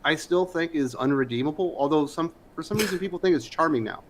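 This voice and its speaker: A man's voice: fairly high pitch, fast talker, slight background noise. A man from Pennsylvania hosting a live stream, reading viewer comments in a curious, joking way. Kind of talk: casual live-stream chat.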